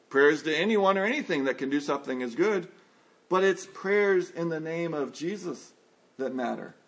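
A middle-aged male pastor delivers an earnest sermon. His voice sits a touch higher than most men's, and he lets it sink low and slow on the words he wants to land. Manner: earnest preaching, slows and drops low for emphasis.

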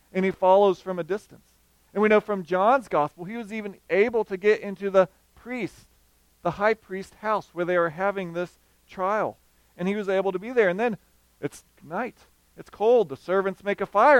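A man with a high, smooth voice preaches a sermon, bringing the story to life and briefly voicing the people in it. The sound is dry and close, with no room echo. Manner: animated storytelling, acting out quoted voices.

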